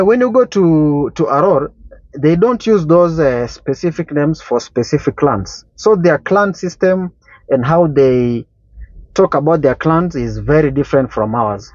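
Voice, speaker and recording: Kenyan man, fairly high voice, deliberate explainer with fillers; dull, dry, slightly lo-fi recording. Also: a little mellow, dry recording. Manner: deliberate, with many fillers and pauses. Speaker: community speaker. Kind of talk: casual explanatory talk.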